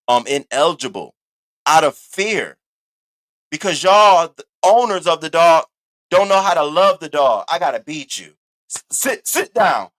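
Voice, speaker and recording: A man, hosting a commentary show and ranting to his viewers. His voice sits a bit higher than most men's. He talks in an animated way and swears freely. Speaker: commentary host. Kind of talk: casual commentary rant.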